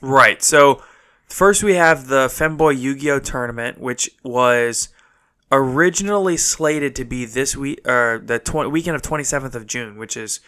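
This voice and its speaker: A man co-hosting a podcast in casual chat, a little stuffed up from allergies, talking in quick back-and-forth. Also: medium pitch, sharp tone, clear, resonant tone. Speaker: podcast co-host.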